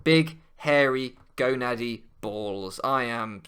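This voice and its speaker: A man ranting over a Pokémon match, switching between quiet muttering and loud swearing outbursts. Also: medium pitch, slow, clear, resonant tone. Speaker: Pokémon draft league player. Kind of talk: gaming commentary rant.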